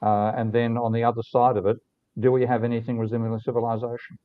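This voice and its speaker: A man's voice: mid-range voice, little pitch movement. Man talking over a tinny line. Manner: earnest, halting, with many restarts. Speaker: host. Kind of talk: livestream discussion. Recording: tinny phone-like call audio.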